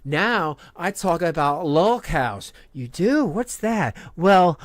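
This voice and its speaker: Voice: medium pitch, animated, slow, dry recording. A host doing a mocking caricature of a woman creator.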